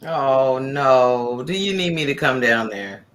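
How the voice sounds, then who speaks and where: A man with a bright, clear tone talks slowly and teasingly. He offers mock sympathy in a laid-back podcast chat. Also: mid-range voice, animated. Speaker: podcast co-host. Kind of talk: casual chat.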